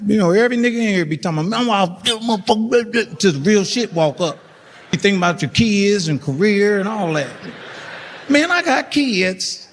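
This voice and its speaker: A middle-aged man telling profane stand-up stories and acting out the voices of people in them. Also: sits high. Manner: profane storytelling, acts out voices. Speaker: stand-up comedian. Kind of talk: stand-up comedy set. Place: comedy stage before a laughing audience. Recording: live hall reverb, faint noise.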